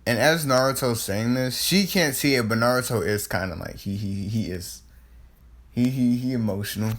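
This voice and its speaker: A man's voice: medium pitch, normal speed. A man casually retelling a fan story, rambling, with many restarts and casual swearing. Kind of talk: improvised fan-fiction retelling.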